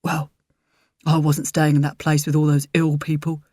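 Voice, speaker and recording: A woman's voice: low-pitched, level tone, normal speed, mellow, no room sound, clean studio sound. A woman voicing a frail, stubborn, mischievous elderly man in a storybook reading. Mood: wry. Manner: blunt, mischievous.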